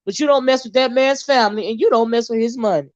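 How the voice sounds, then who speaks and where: A sassy, outspoken woman hosting a live stream, talking bluntly and swearing freely. Her voice sits a little high. The sound is dry and slightly muffled, as if from a modest mic. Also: fast talker, dry recording. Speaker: host. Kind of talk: casual live-stream commentary.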